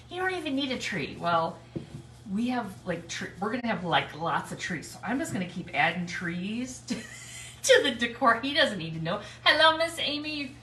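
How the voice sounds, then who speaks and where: A woman's voice: on the high side, pushed and bright, slight background noise. Chatty woman greeting viewers in an echoey room. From Michigan, United States. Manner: chatty, greets viewers by name, laughs often. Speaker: craft livestream host. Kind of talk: casual live craft stream, greeting viewers. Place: home, snowy day. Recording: echoey room, speaker a bit far from mic.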